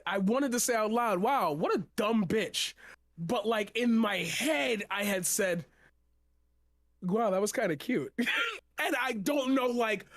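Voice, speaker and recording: A man's voice: high voice, fairly bright tone, dry recording, clean studio sound. A young man, a poet guest on a stream, casually telling a rambling personal story, laughing and swearing freely.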